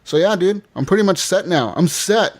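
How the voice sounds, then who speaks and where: A man's voice: high-pitched, lively intonation, moderate pace. A man hosting a podcast, telling a long rambling story in casual chat, swearing freely. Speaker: podcast host. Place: podcast studio.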